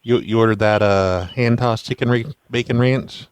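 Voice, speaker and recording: A man hosting a show and making deadpan, mock-serious prank phone calls. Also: medium pitch, moderate pace, clean tone. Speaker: prank caller and show host.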